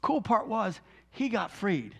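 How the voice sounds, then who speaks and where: A male minister with a high, creaky, husky voice slowly tells a healing testimony. He's an animated storyteller who acts out the people involved and throws in joking asides.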